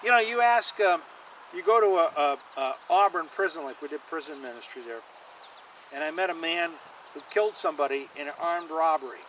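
A male pastor delivering a sermon in a high, bright voice. He leans hard on key lines, repeats them for weight, and draws the congregation in. A faint hiss of noise sits underneath. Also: lively intonation, brisk, poor audio. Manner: emphatic, repeats lines for stress, calls on the congregation.

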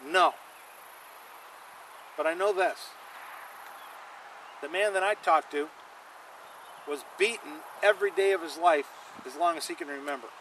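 A man's voice: on the high side, measured pace, pauses often, fairly bright tone, a little hiss or hum, poor audio. A man preaching a sermon, emphatic, repeating lines for stress and calling on the congregation to say them with him. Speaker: pastor.

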